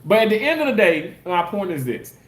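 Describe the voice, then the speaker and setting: High-voiced man arguing with his live chat. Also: sing-song, a little fast, a bit bright, echoey room. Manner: defensive, argues back at commenters. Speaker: live streamer and content creator. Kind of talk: casual live-stream chat reading viewer comments.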